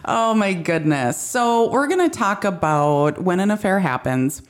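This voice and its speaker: A woman's voice: on the low side, very animated, a little slow. A woman co-hosting a podcast in casual chat, with teasing, wry asides. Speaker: podcast co-host.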